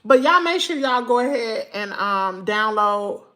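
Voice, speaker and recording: A woman's voice: on the high side, lively intonation, a little slow, sharp tone. A woman with a Southern American accent, hosting a casual livestream chat and talking to viewers in a chatty, exclamatory way that turns to scolding the chat. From Mississippi, US South. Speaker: channel host.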